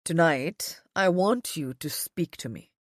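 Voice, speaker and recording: A woman voicing a stern, commanding man who speaks slowly and gives curt orders in an audiobook. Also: sits low, animated, no room sound, clean studio sound, pitched below the performer's own voice, heavily acted. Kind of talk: audiobook character voice.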